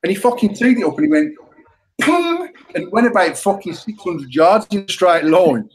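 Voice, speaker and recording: A middle-aged British man co-hosting a casual podcast, telling an animated, self-mocking story full of swearing. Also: high voice, brisk, slightly rough. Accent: British English. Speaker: podcast co-host.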